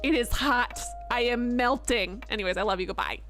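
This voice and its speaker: Chatty high-voiced woman streamer. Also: normal speed, a bit bright. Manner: chatty, rambling, fillers and self-mocking asides. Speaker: live streamer. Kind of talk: casual stream sign-off chat. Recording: music playing behind.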